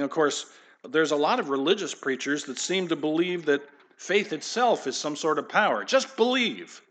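A man's voice: on the high side, a bit bright. A man preaching a sermon as pastor, swinging between punchy declarations and casual conversational asides.

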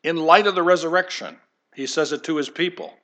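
A man's voice: on the high side, brisk, fairly bright tone. A man preaching a conversational sermon to his congregation, with light humor and asides. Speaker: pastor.

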